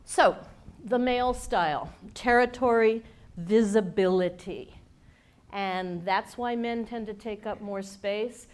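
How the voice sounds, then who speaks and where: A woman speaker and coach giving an animated, emphatic talk with wry humor to a studio audience. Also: medium pitch. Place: event space with a studio audience.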